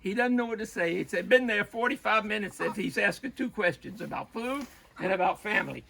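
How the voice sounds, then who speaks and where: A man telling a long, rambling joke in a halting way, often restarting and laughing at himself. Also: high-pitched, lively intonation, vocal fry, sharp tone, a little hiss or hum, rough recording.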